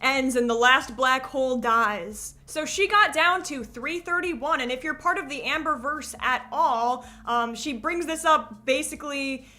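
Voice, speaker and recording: A woman's voice: high voice, a little slow, hardly any pauses, bright, forceful tone. A woman hosting a commentary video, narrating with sarcastic joking asides. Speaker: commentary channel host.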